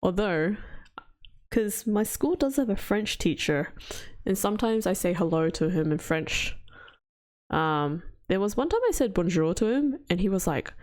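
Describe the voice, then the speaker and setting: A woman's voice: on the low side, lively intonation, normal speed, a little mellow. A woman streaming a game, chatting casually with frequent laughs and a chatty, rambling manner. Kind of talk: casual livestream chat.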